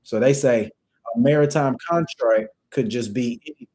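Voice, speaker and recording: A man's voice: mid-range voice, normal speed, dark tone, poor audio. A man teaching a livestream class in a loose, conversational way, reading definitions aloud and repeating phrases for emphasis. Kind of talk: casual lecture reading from dictionaries.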